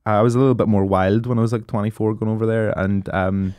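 A man's voice: on the low side, steady tone, quick pace, darkish tone, dry recording. A man from Northern Ireland with its accent, a guest on a casual podcast, rambling and laughing as he jokes around. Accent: Northern Irish. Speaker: podcast guest, DJ and radio presenter.

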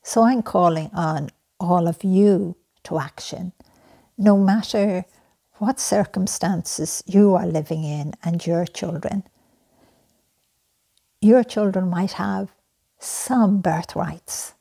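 A middle-aged woman speaks slowly and softly, with a gravelly, husky edge to her voice. Her tone is earnest and pleading as she makes a heartfelt appeal, often sinking into breathy near-whispers. The timbre is dark and mellow throughout. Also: lowish voice. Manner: soft-spoken, earnest, drifting into breathy whispers. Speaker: charity founder making an appeal.

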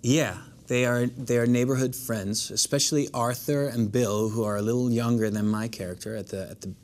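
A man's voice: mid-range voice, steady tone, normal speed, darkish tone. A man in his thirties from the Netherlands, speaking with a coached general American accent, answering interview questions thoughtfully with many restarts. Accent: general American, trained. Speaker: actor guest. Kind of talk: interview conversation.

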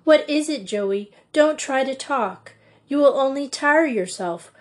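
A woman's voice: sits high, lively intonation, measured pace, pitched above the performer's own voice. A woman reading aloud, voicing a young headmistress who soothes a sick girl tenderly.

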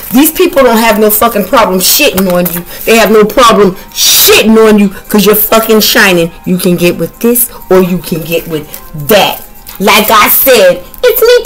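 This tarot reader has a mid-range voice and the audio quality is poor. Her reading is loud and funny, packed with nonstop cursing and vivid insults delivered in an animated, trash-talking style.

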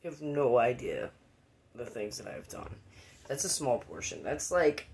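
A man spins a rambling, profane story about a wild night, his voice gravelly and mid-pitched. He jumps into the voices of the people he quotes and keeps the casual, swearing flow going. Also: sing-song, measured pace, a little mellow, a little hiss or hum.

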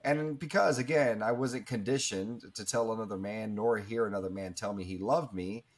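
A man's voice: on the low side, normal speed. A man in his thirties, telling a personal story in an interview in an earnest, reflective way, with many fillers and restarts. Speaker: guest speaker.

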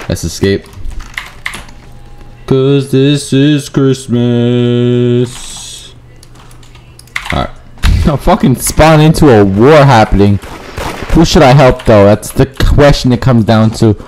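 A man giving profane live commentary over his own gameplay, muttering low and then yelping up high when things go wrong. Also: a little mellow, a little hiss or hum. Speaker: gaming YouTuber.

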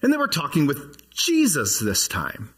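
Lively, husky-voiced male pastor. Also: on the high side, a little slow. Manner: conversational, asks the congregation questions. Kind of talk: sermon. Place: church.

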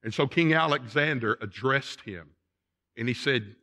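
A man's voice: medium pitch, measured pace, pushed and bright. A man pastor delivering a sermon in a church, emphatic and repeating phrases for stress. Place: church sanctuary.

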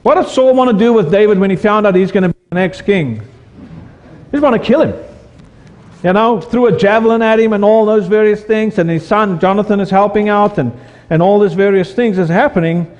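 Male pastor, high voice, preaching with call-and-response questions, long church reverb. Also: fairly quick, a little mellow, highs cut off. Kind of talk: sermon.

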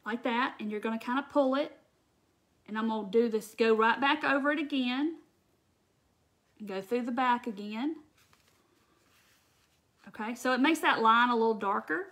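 A woman's voice: fairly high pitch, a bit bright. A woman hosting a live crafting demonstration, chatting directly to her viewers and answering their comments as she works. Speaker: craft tutorial host.

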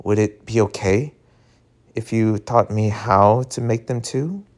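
Man reading as a gentle, reassuring teen boy. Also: fairly low pitch, unhurried, lightly acted. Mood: warm. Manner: gentle, soothing. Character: kind caring teenage boy, reassuring.

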